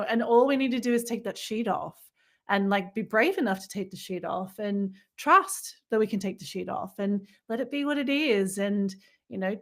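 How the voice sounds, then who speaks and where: A woman co-hosting a podcast in casual spiritual chat, reflective and rambling, with many fillers and restarts. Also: mid-range voice. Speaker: podcast co-host.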